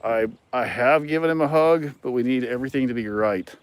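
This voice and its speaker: A man's voice: medium pitch, a little fast, no room sound. A man hosting a casual livestream, reading viewer comments and talking in a rambling way with many ums and some dry sarcasm. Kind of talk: casual chat.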